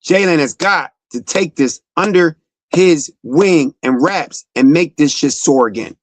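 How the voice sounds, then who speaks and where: A man's voice: a little high, expressive, measured pace, dry recording. Fired-up, profane sports-show host man. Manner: fired-up, profane, preachy, talks straight to the player. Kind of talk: impassioned sports talk monologue.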